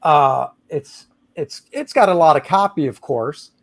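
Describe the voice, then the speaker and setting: A man's voice: fairly high pitch, a little slow, creaky. A middle-aged man hosting a casual livestream, joking with his co-host and reading chat comments aloud. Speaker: comic artist hosting a livestream.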